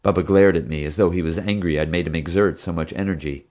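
A man narrating a story in a steady storytelling manner. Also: low voice, quick pace. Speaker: audiobook narrator. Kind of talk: scripted narration.

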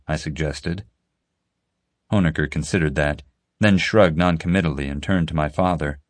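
A male audiobook narrator reads with a steady storytelling manner and a very deep voice. The recording is dry and close, with no room sound. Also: normal speed, no room sound. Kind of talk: scripted narration.

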